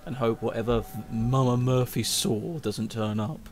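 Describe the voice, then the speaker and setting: A young man giving casual, excitable let's-play commentary at home, swearing often. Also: medium pitch, a little slow, faint music behind. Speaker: gaming channel host.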